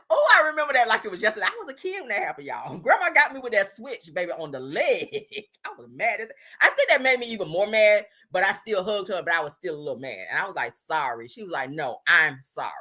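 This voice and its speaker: A woman hosting a livestream, telling a childhood story in a casual, animated way and often laughing as she talks to her viewers. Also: medium pitch, a little fast. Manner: animated, laughing, addresses viewers as y'all and baby. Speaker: livestream host. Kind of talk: casual storytelling to live chat.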